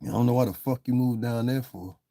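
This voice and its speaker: A man's voice: medium pitch, brisk, dark tone, no echo, studio quality. A man hosting a casual livestream, reading his chat aloud and ranting back at the trolls in a confrontational, profane, rambling way. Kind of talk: casual live-stream rant.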